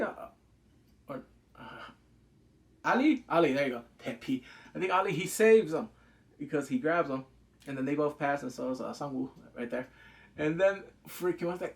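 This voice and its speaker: A man giving a casual spoken review of a series, excitable and rambling, swearing freely and acting out quoted lines. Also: fairly high pitch, moderate pace. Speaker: show reviewer.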